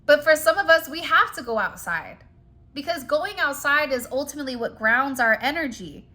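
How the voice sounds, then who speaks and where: With lively intonation and a moderate pace, a high-voiced, bright-sounding woman delivers a direct-to-camera spiritual card reading. She addresses viewers chattily and emphatically, leaning on fillers such as "like" and "you know," and her tone remains warm, conversational and encouraging.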